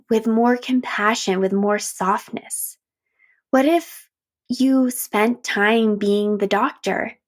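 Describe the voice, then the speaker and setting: A woman's voice: medium pitch, vocal fry. A woman hosting a podcast, speaking reflectively and encouragingly about emotions, now and then acting out inner voices. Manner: gentle, warm-hearted, encouraging, acts out inner voices. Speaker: podcast host and coach. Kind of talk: reflective solo podcast talk.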